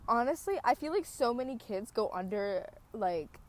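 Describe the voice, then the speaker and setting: A woman's voice: a little high, expressive, normal speed. A young woman co-hosting a podcast, chatting casually, teasing her co-host, laughing often and swearing offhandedly. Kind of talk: casual chat.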